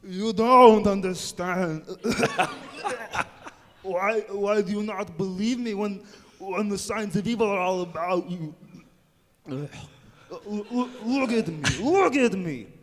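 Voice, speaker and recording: An audience volunteer voicing a dramatic male monster hunter, pleading in a slow, drawn-out delivery. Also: high voice. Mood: desperate. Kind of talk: script reading for a workshop. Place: convention panel room. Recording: echoey convention hall from off-mic.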